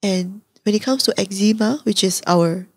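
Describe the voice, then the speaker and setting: Husky young woman, candid and reflective, soft-spoken podcast guest. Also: medium pitch, normal speed. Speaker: guest, advocate. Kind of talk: interview storytelling.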